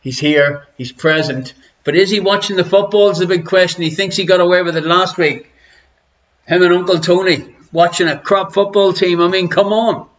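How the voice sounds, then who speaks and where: Chatty Irish quiz host, lo-fi. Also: male voice, high voice, fairly even intonation, moderate pace. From Ireland. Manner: chatty, teasing, greets viewers by name. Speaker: online quiz show host. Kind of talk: casual live-stream chat. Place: living room at home. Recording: lo-fi home stream audio.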